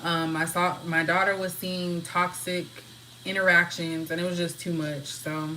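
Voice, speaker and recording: Relaxed woman chatting to her viewers. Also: on the low side, unhurried, slight background noise, poor audio. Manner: relaxed, talks freely, answers chat comments. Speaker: livestream host. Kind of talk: casual rambling chat with viewers. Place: at home.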